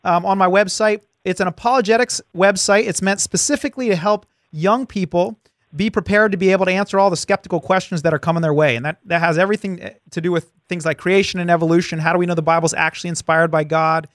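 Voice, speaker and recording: A man hosting an interview, asking long questions with many fillers and pauses. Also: high voice, steady tone, fairly bright tone, no room sound, studio quality. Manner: halting, full of fillers. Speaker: host.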